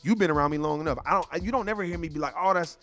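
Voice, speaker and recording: A man's voice: fairly high pitch, racing, fairly bright tone, soft background music. A man hosting a casual conversation, talking in a blunt, emphatic and profane way. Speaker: podcast host.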